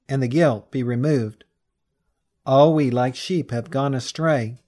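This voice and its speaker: Male reader, mid-pitched, solemn and measured, for a read-aloud sermon. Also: a little mellow. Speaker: reader of a religious text.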